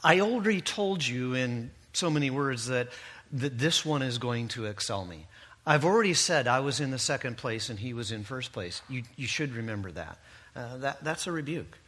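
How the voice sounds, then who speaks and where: Bright, conversational male preacher. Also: medium pitch, expressive, normal speed. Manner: conversational, with asides and tag questions. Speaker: pastor. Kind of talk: sermon.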